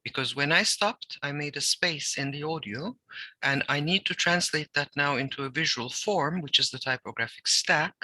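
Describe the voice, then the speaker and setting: In this design lecture recording, a man with a bright, slightly high voice teaches typography, reading passages aloud with careful pauses and stress. There's no echo, but the audio quality is low.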